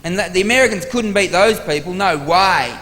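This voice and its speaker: A man doing stand-up comedy with an Australian accent, telling exasperated, profane stories with sudden loud outbursts to a live audience. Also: high-pitched, fairly quick. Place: large theatre stage before a live audience. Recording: live theatre recording with long hall reverb and audience noise.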